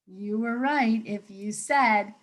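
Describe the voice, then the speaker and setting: A woman teacher reading a picture book aloud to children, animated and coaxing, pausing to ask them questions. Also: on the high side.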